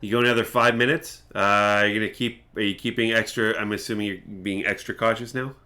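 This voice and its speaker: A man's voice: lowish voice, fairly even intonation, fairly quick, pushed and bright. A man running a tabletop game as game master, hesitant with many fillers and frequent laughs.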